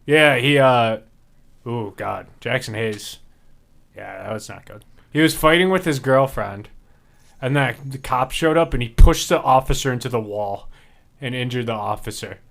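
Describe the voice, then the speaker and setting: A man's voice: medium pitch, moderate pace, gravelly, a bit bright. A man co-hosting a podcast in casual chat, reading messages aloud from his phone and laughing between lines. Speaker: podcast co-host.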